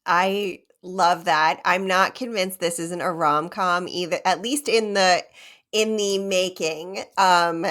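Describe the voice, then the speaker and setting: A woman's voice: on the low side, fairly even intonation, slow pace, a bit bright. A woman hosting a podcast interview, chatty and joking in a casual way. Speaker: podcast host.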